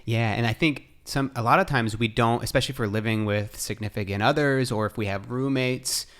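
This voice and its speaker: A man's voice: mid-range voice, brisk, fairly bright tone. A man hosting a podcast, asking curious, casual questions in conversation. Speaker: podcast host. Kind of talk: conversational interview.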